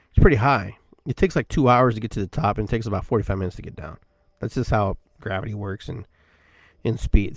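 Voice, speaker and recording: A male podcast host telling a story in a loose, rambling way, leaning on "you know" again and again. His voice sits at a middle pitch, and the recording is dry and close with no room echo. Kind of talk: casual personal storytelling.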